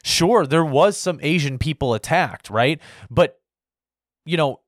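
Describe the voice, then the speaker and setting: A man's voice: a little high, unhurried, dry recording, clean studio sound. Heated, rambling man in his thirties. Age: 30s. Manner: heated, profane, rambling with many fillers. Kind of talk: casual opinion rant to camera.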